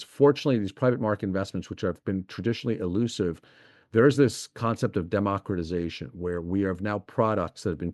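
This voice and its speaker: A man's voice: sits low, a little mellow, no room sound, clean studio sound. A middle-aged man, an investment executive talking as a podcast guest, explaining eagerly and piling up examples. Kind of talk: podcast interview.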